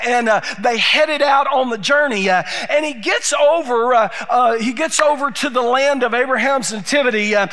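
Pastor type, man, very high and sharp voice, lively sermon storyteller who gets loud. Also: moderate pace, few pauses. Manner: animated storytelling preacher, often raising his voice, frequent "uh" fillers.

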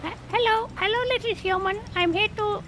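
A man voicing a strange little chimp creature that speaks halting, broken English. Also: fairly even intonation. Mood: odd greeting. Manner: squeaky, halting, childlike talk.

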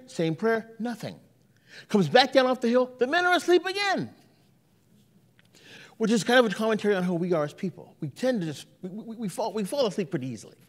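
A male pastor preaching a sermon in a church, telling stories and acting out the quotes. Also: extremely high pitch. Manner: animated storytelling with acted-out quotes.

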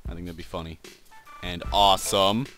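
A man doing let's play gaming commentary, excitable and swearing often, yelping when he fails. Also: deep voice, normal speed, faint music behind. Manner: excitable, swears a lot, yelps at failures.

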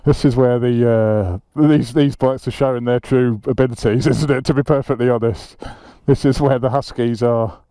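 A man's voice: mid-range voice, steady tone, moderate pace, few pauses, dark tone, dry recording. A man bantering and teasing his friends while riding off-road hill trails, filmed on a helmet or bike camera. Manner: teasing, jokey, laughing often. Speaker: motorcycle vlogger.

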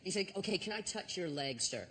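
A man's voice: high voice, sing-song, a little fast, background noise. A male comedian on a TV panel show, telling a chatty anecdote and acting out the quoted lines of the people in it. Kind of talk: comic storytelling. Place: TV studio with live audience.

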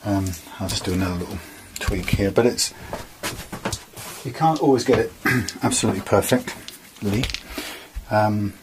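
A man's voice: fairly low pitch, unhurried, background noise. A man casually talking through guitar fret work in a workshop, rambling with many fillers as he explains each step. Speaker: guitar repairer.

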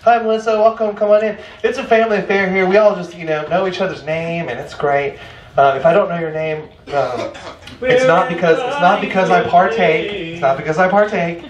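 A man hosting a live music night in a library event space rambles and jokes at his own expense in emcee banter before a live crowd. His voice is high-pitched and fairly quick, with the highs cut off, and the roomy sound comes from a distant mic amid crowd noise.

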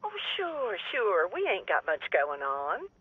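Chatty, folksy country neighbor on the phone. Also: female voice, medium pitch, wildly swooping pitch, slow, slightly rough, dry recording, full character voice. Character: chatty rural neighbor woman, friendly and nosy. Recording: tinny phone line.

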